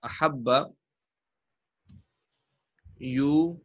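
A man's voice: mid-range voice, extremely slow. A man teaching Arabic grammar in a live lesson, patient and encouraging, drilling terms aloud. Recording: muffled lo-fi audio.

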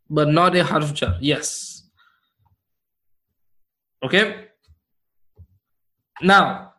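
A man's voice: high-pitched, sharp tone. A man teaching Arabic grammar to a class, repeating key points and checking understanding with short questions. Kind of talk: classroom lesson explaining Quranic grammar.

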